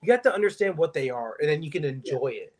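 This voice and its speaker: A man's voice: a little high, expressive, quick pace. A man chatting casually on a livestream, blunt and opinionated, swearing freely.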